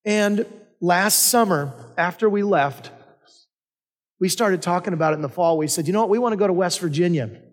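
High-voiced male pastor in a reverberant hall. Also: normal speed. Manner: conversational storytelling. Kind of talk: sermon with personal stories.

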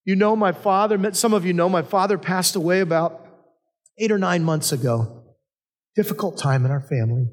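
A man's voice: high voice, moderate pace. A male pastor preaching a sermon, telling personal stories in a conversational way. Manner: conversational storytelling. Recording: long reverb of a hall.

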